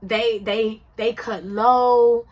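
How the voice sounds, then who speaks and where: A woman's voice: on the high side, steady tone, drawn-out words. A woman casually commenting on a reality show, talking in an emphatic, conversational way and often checking whether the listener follows. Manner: conversational, emphatic, often asks "you see what I'm saying".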